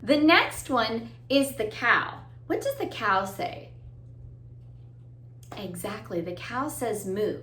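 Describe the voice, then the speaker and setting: High, lively woman teaching children. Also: slow. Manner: encouraging, talks directly to young children; sing-song, breaks into singing and animal calls. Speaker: music teacher. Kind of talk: children's music lesson. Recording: roomy echo.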